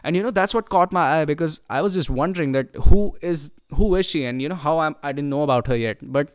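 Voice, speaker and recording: A man with a slightly high, smooth and clean voice talks through his favourite records in an easygoing, enthusiastic way. He rambles a little, leaning on casual fillers as he goes. The sound is close and dry, with no room around him. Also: fast talker, no echo. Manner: enthusiastic, loose, frequent "you know" and "like" fillers. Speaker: music reviewer. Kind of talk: casual spoken album review.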